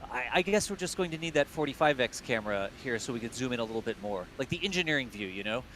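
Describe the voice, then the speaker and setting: A man co-hosting a launch livestream in casual, joking chat, his voice worn hoarse. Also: medium pitch, lively intonation, quick pace, fairly bright tone, slight background noise. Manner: joking, laughs often. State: losing his voice. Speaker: livestream co-host.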